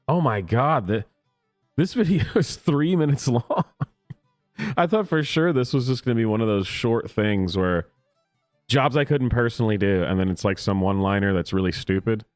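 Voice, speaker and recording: A man's voice: mid-range voice, animated, normal speed, no echo, clean studio sound, soft background music. A man hosting a comedic reaction video, making sarcastic, laughing asides about clips.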